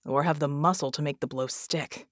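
A woman reading an audiobook voices a male red genie with stretchy arms, speaking low, grim and measured. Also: animated, no echo, studio quality.

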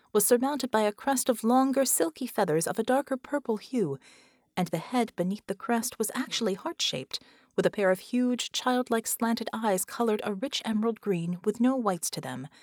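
In a clean, dry studio recording, a woman with a mid-range voice reads an audiobook. Her scripted narration is measured and expressive.

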